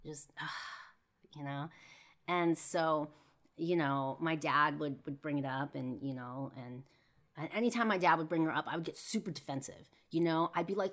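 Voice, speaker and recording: A podcast host with a low voice talks at a moderate pace, candidly recounting a personal story full of fillers and swearing. She grows heated whenever she relives arguments.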